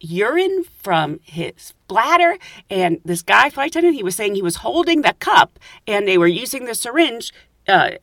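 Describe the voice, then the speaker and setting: A woman's voice: mid-range voice, no room sound. A woman who works as a flight attendant, telling funny work stories in a casual, laughing way and acting out quotes. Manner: animated, laughing, acts out quotes. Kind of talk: casual storytelling.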